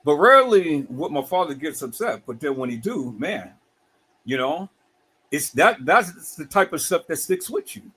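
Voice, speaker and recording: A middle-aged man hosting a livestream, talking in an animated, preachy way with many repeated words. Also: fairly high pitch, moderate pace, slightly rough. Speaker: livestream host.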